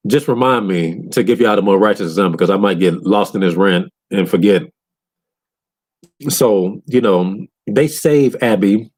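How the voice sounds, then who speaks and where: Man, low voice, rambling profane game recap, mimics characters in a higher pitch. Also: darkish tone. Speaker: gaming commentator. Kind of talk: casual rant recapping a video game.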